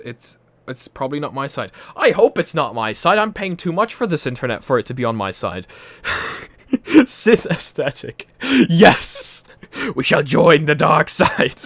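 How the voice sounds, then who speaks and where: Broadcasting from a home room lit by a ring light, a Polish man with a mixed, partly Irish accent hosts a casual, rambling livestream full of laughter. His voice is fairly high and fairly bright, recorded with no echo.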